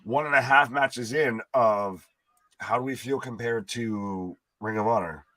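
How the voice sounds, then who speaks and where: Male co-host, tense bright tone, wry and profane, close dry mic. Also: mid-range voice, a little slow, no echo. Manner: wry, deadpan jokes, swears freely. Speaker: co-host of a wrestling watch-along stream. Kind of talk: casual live-stream commentary.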